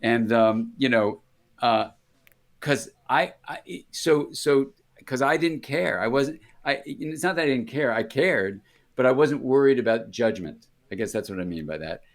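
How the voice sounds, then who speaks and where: A man's voice: medium pitch, expressive, unhurried. An older American man, a psychiatrist and interview guest, telling casual anecdotes with many restarts and acted-out voices. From United States. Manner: rambling, self-interrupting, acts out voices in anecdotes. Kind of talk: casual conversational storytelling.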